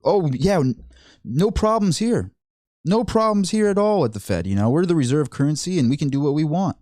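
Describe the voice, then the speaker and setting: A man's voice: fairly high pitch, lively intonation, fairly quick, a little mellow, no room sound, studio quality, pitched above the performer's own voice, lightly acted. A man putting on a smug, complacent central bank chairman in a mocking parody. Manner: mocking, self-satisfied parody.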